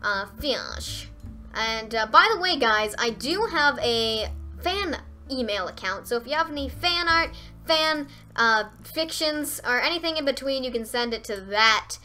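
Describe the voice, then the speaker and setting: A young woman gives live game commentary in a bright, slightly high voice. She talks straight to her viewers and shoots up into squeals and shouts when something goes her way. Faint music plays under her voice. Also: animated, unhurried. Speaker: gaming streamer.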